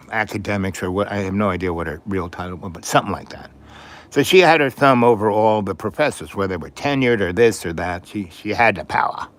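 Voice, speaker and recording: A man's voice: lowish voice, fairly bright tone. Older man rambling through stories. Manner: rambling, frequently clears throat and coughs. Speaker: live stream host. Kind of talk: rambling storytelling.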